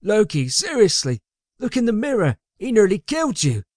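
A man voicing a small, nervous henchman who whines and complains in a high voice. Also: big pitch swings, moderate pace, darkish tone, no room sound, clean studio sound. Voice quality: high, whining. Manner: panicky, complaining.

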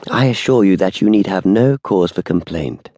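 A man's voice: low-pitched, big pitch swings, moderate pace, mellow, breathy edge, dry recording, exaggerated voice. A man voicing a courteous, deferential old shop assistant who speaks formally and politely. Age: older.

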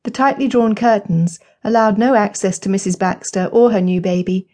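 A woman reading an audiobook as narrator, with measured, gentle storytelling. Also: mid-range voice. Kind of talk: scripted narration.

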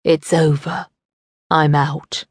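A woman voicing a dying old man who speaks quietly, slowly and bluntly. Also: sits low, level tone, slightly rough, no echo, studio quality, heavily acted. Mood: weary. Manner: quiet, slow, matter-of-fact.

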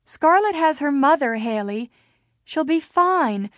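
A calm, capable mother with a therapist's measured, soothing way of speaking, as a woman narrator puts her on. Her voice sits raised and her words come slow and careful, recorded dry and close like a studio audiobook. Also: high-pitched, dry recording, voice pushed up, exaggerated voice.

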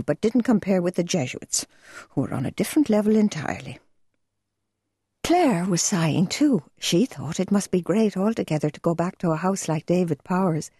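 A woman reading a novel aloud as an audiobook narrator, in a measured, gentle storytelling manner. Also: fairly low pitch, breathy edge, dry recording, clean studio sound. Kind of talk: scripted narration.

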